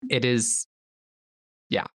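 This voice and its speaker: A man's voice: very slow, no room sound, studio quality. A young man as a podcast guest, casually telling a personal story and acting out what people said. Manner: animated storyteller who acts out quotes.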